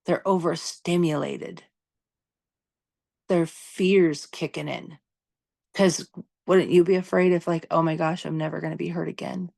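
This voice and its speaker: A woman in her fifties with a somewhat low voice talks straight to her listeners in a casual podcast monologue. She is candid and emphatic, tossing in "you know" and "right?" and swearing without fuss. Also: steady tone, a little slow, vocal fry, pauses often, a little mellow. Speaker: podcast host.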